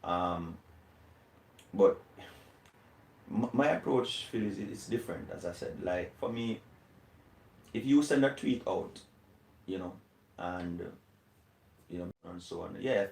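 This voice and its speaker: Man from jamaica, very deep voice, thoughtful, hesitant, interview answer, distant mic, echoey room. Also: a little slow, gravelly, pauses often, a little mellow. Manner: thoughtful, hesitant, many fillers. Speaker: interview guest.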